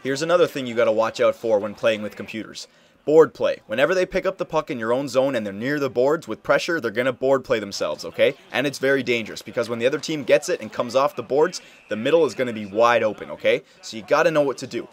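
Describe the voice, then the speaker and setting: A man's voice: medium pitch, animated, fast. A young man hosting a casual game tutorial, explaining plays over footage in a coaching tone and often checking in with "okay?". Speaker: video game tutorial host. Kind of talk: casual gameplay tutorial commentary.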